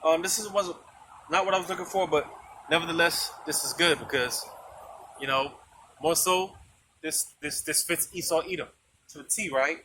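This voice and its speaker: A man's voice: on the high side, steady tone, normal speed, long pauses, sharp tone. A man preaching outdoors on a street in a casual, repetitive way, often tagging his points with "man" and "you see". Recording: noisy outdoor street recording. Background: traffic noise.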